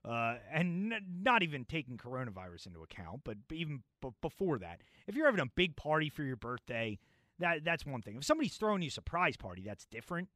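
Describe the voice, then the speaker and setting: A man's voice: a little high, sing-song, fast talker, bright, forceful tone, dry recording. A man hosting a call-in sports talk radio show in a casual, chatty way from a studio mic, often stumbling and repeating words. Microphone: studio microphone.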